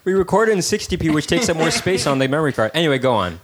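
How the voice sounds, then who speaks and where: A man's voice: fairly high pitch, sing-song, fast talker, a loud crowd. A man co-hosting a casual podcast, cutting in with teasing, jokey remarks. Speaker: podcast co-host. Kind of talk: casual chat.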